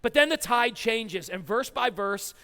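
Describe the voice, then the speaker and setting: A man preaching a sermon as pastor, animated and reading scripture aloud in quick bursts. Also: very high-pitched, clear, resonant tone. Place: church hall. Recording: reverberant church hall.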